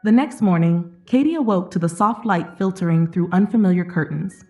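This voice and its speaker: A woman with a fairly low voice narrates an emotional drama at a normal speed, her delivery steady and scripted. Soft music plays faintly underneath.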